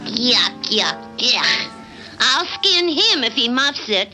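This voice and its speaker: An actress voicing a sweet, cheerful young cartoon housewife who talks in a chirpy, giggly way. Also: female voice, fairly high pitch, big pitch swings, slow, loud music behind the voice. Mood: eager.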